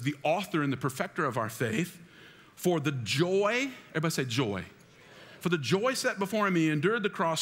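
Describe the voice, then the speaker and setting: A man's voice: a little high, a bit bright. A man preaching a sermon as pastor, calling out for the congregation to repeat after him in a large church auditorium. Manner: preaching with call-and-response to the congregation. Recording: long hall reverb in a church.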